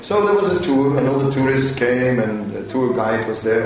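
Man, spiritual teacher, lively storyteller, very echoey hall, distant mic. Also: medium pitch, moderate pace, hardly any pauses. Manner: lively storyteller, chuckles often. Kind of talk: storytelling talk to a congregation.

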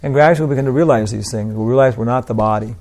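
An older man giving an informal devotional talk, rambling through anecdotes with lots of "you know" and soft laughs. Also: medium pitch, rapid-fire. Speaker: preacher.

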